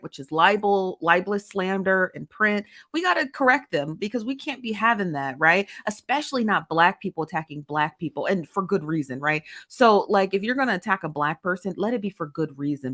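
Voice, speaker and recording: A woman's voice: on the low side, animated, a bit bright. Chatty woman hosting a live gossip stream. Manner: chatty, laughs often, drawn-out Southern-style slang, reads comments aloud. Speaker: host of a live gossip show. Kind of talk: casual live-stream chat, greeting viewers.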